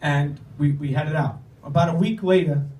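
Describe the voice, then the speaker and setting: A man's voice: on the high side, moderate pace, darkish tone. A man telling a long, profane comic story on stage, rambling and laughing as he goes. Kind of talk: live comedic storytelling. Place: live comedy show before an audience. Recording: echoey room, distant mic, crowd.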